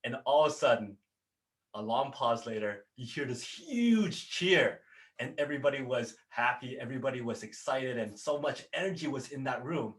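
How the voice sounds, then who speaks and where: A man's voice: mid-range voice, brisk. Male host, motivational business talk, earnest and repetitive, mid-range voice. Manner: earnest, repetitive phrasing with frequent fillers. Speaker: business coach and show host.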